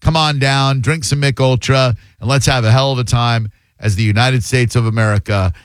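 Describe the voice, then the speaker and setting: A male sports radio host in loose, rambling banter, often tripping over and restarting his words. His voice sits at a middle pitch and is recorded dry and close on a studio mic. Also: steady tone, moderate pace, clear, resonant tone, no room sound.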